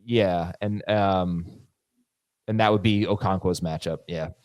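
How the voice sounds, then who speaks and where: A man hosting a fantasy football show in casual chat, animated and quick to laugh at himself. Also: deep voice, no echo. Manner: animated, laughing, self-mocking. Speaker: podcast host.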